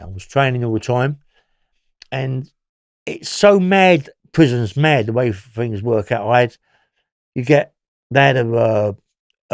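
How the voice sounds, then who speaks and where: A man's voice: mid-range voice, no echo, clean studio sound. An older man with a London accent, telling rambling, swear-filled stories as a guest in a casual interview. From England. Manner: rambling, excitable, swears often, lots of fillers. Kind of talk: casual storytelling in a podcast interview.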